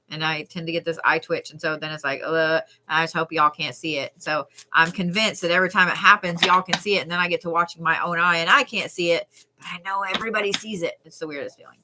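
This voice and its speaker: A woman's voice: on the low side, background noise. A woman, doing live card readings and chatting candidly with viewers, swearing casually. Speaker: tarot card reader on a livestream.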